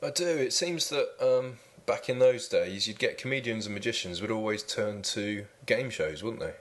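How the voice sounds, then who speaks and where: A man co-hosting a casual comedy chat in a dry, low-key way. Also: moderate pace.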